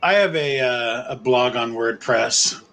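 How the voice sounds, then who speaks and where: A man's voice: mid-range voice, unhurried, fairly bright tone, faint music behind. A man co-hosting a casual live show over a remote link, teasing with dry remarks. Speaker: podcast co-host. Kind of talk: casual chat.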